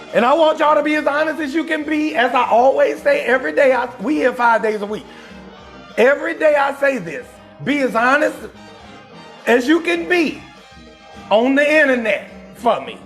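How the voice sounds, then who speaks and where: A man with a Southern American accent, hosting a live-stream comedy show in a loud, profane, animated rant and calling out viewers from the chat. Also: very high-pitched, vocal fry.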